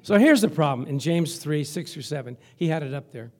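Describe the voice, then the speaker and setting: A male pastor preaching a lively sermon, chuckling often and reading scripture aloud. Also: on the high side, a little fast.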